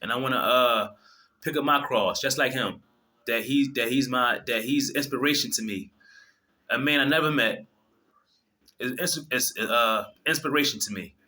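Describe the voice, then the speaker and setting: A man's voice: medium pitch, moderate pace, sharp tone. A man delivering an impassioned, preachy monologue to his viewers, swearing freely and often restarting his sentences. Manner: fervent, preachy, profane, many restarts. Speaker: video host.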